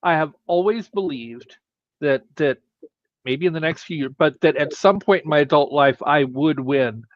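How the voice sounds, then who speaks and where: A man's voice: fairly high pitch, dry recording. Hesitant man host, dull dry mic. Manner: earnest, hesitant, drawn out. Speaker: podcast host. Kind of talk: casual podcast conversation.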